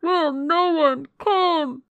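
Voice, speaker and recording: Brief: trapped man shrieking for help from above, very high and frantic. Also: drawn-out words, creaky, a bit bright, no echo, lo-fi sound, exaggerated voice. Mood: desperate. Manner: shrieking, half-smothered.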